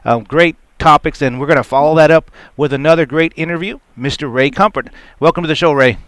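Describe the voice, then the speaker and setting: A man's voice: on the high side, fairly quick, fairly bright tone, dry recording. Upbeat Christian radio host, man. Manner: upbeat, laughs often. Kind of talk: Christian radio talk show.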